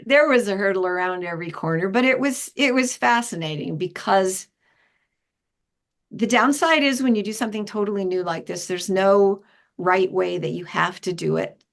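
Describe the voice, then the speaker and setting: An older retired woman being interviewed, telling stories in a lively way and acting out the voices of people she quotes. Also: normal speed, vocal fry. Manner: lively storytelling, acts out quoted voices with pitch jumps. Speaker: interview guest, retired founding director. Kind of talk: conversational interview.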